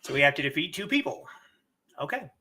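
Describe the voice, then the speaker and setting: Lively high-voiced man streaming a game. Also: brisk, slight background noise. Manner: chatty, animated and jokey. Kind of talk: casual game livestream commentary.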